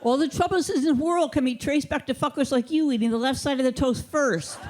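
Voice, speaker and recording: A woman comedian delivers her set with a deadpan, mock-authoritative manner. Her voice sits somewhat higher than most women's. She is recorded through a handheld mic on a theater stage. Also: a little fast, a little hiss or hum. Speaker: stand-up comedian.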